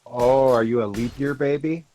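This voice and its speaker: A man's voice: mid-range voice, moderate pace, dark tone, rough recording. A man in his fifties chatting and teasing friends on a game stream, wry and profane. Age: 50s. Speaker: gamer on a group stream. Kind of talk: casual chat.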